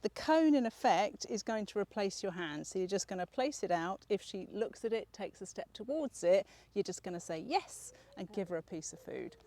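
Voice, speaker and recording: A woman's voice: medium pitch, lively intonation, moderate pace, few pauses, warm tone, slight background noise. Patient woman dog trainer. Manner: patient, encouraging, explaining step by step. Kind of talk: hands-on dog training instruction.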